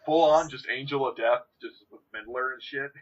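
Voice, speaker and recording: A young man co-hosting a casual podcast, jokey and rambling, with a husky voice. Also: medium pitch, normal speed, crowd noise. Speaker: podcast co-host. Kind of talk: casual banter. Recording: dull lo-fi home mic.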